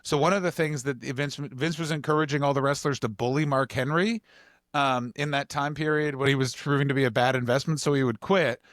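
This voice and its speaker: A man co-hosting a podcast, telling stories in an animated, ranting way full of swearing. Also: mid-range voice, brisk, no echo, clean studio sound. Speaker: podcast co-host. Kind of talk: casual comedic chat.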